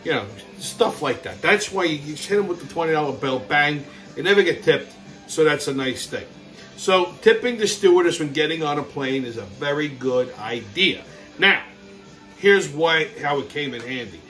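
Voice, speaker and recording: A brash man tells a story as a loud, swearing comic rant. His voice sits high and bright, and it swings wildly up and down as he gets worked up. Faint music plays underneath. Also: lively intonation, moderate pace. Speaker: show host.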